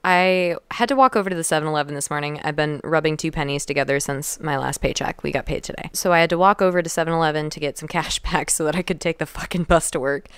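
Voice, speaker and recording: Low-voiced woman, rambling casual storyteller. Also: fast, hardly any pauses, a bit bright, smooth, dry recording, clean studio sound. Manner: rambling, swearing, lots of "like". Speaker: podcast co-host.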